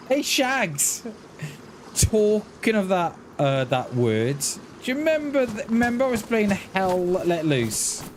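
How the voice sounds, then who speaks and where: A man's voice: high voice, big pitch swings, measured pace, few pauses, a little mellow, a little hiss or hum. A man chatting casually on a live game stream, rambling and restarting his words as he talks to his chat. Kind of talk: casual chat while gaming.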